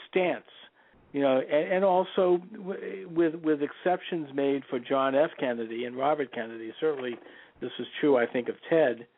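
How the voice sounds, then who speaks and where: A male radio talk show host giving a political commentary monologue, opinionated, stressing names with jumps in pitch and leaning on "you know" fillers. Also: no room sound. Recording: tinny phone-like line, dry.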